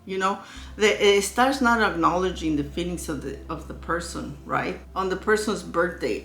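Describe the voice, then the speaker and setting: A woman's voice: mid-range voice, animated, moderate pace, slight background noise. A woman giving an informal spoken lesson on relationships in a candid, conversational way, often asking rhetorical questions. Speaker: relationship educator. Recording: echoey room with faint music.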